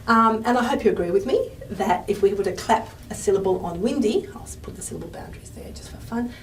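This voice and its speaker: A woman lecturer talks through a class at the whiteboard, her explanations chatty and peppered with questions to the room. She sits at a middling pitch, heard from some distance away with a faint background hiss. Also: lively intonation, quick pace. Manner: chatty explanatory teaching with frequent "okay?" and "um".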